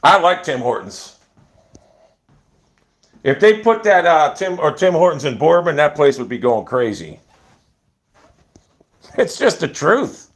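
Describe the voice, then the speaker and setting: A man's voice: a little high, sing-song, unhurried, pauses often. A man telling stories in a casual, rambling monologue, blunt and profane, with many restarts. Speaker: storyteller.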